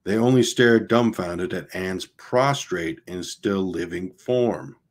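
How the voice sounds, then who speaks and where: Low, husky man reading a novel aloud. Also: takes it slowly. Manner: unpolished reading with restarts and asides. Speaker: audiobook reader.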